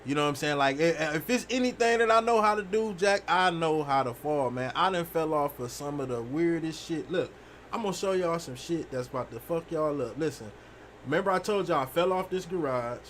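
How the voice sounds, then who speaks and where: A young man with a fairly high voice tells a long story while playing a game, animated and swearing freely. He rambles and repeats himself with plenty of fillers, over a faint hum of background noise. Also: fairly quick. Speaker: gaming streamer.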